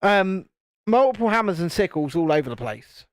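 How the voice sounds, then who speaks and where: A man's voice: high-pitched, sing-song, moderate pace, dry recording, clean studio sound. A man from the United Kingdom hosting a casual live stream, joking and reading out viewer comments while building. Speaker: YouTube channel host.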